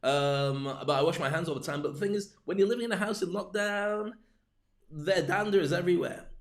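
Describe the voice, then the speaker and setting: A man's voice: high voice, fairly quick. A man coaching on public speaking in a livestreamed talk, full of joking, rambling asides.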